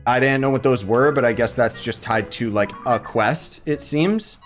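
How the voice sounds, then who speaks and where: A man's voice: mid-range voice, moderate pace, faint music behind. A young man giving rambling let's-play commentary as he plays a video game. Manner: chatty, rambling with fillers. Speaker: gaming streamer.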